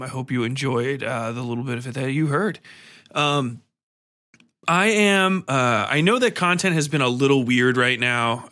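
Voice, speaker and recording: A man's voice: medium pitch, bright, forceful tone. A young man hosting a podcast, rambling casually through his outro with blunt, profane remarks and lots of fillers. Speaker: podcast host.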